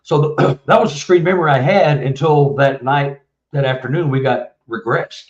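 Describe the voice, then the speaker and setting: The speaker is a Texan guest author in his seventies telling a long interview story, rambling and restarting frequently. His voice is mid-range at a normal speed, and a distant, muffled mic makes it sound roomy.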